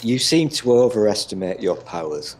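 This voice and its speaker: A man's voice: fairly low pitch, very animated, moderate pace, a little mellow, a little hiss or hum. A British man in casual chat, swearing freely and bragging in a teasing, mock-boastful way. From Britain.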